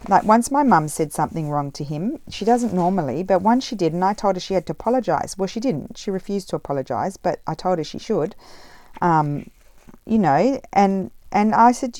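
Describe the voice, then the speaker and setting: A woman's voice: fairly low pitch, animated, normal speed, warm tone, no echo. A middle-aged woman chatting casually while she crafts, rambling with many fillers. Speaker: craft vlogger. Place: home craft table, indoors.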